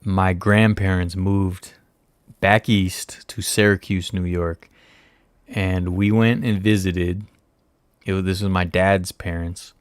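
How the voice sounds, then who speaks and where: Slow, low-voiced man hosting a livestream. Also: fairly even intonation, clear, resonant tone, no room sound. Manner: rambling, self-mocking, talks to viewers while searching. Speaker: livestream host. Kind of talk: casual livestream chat.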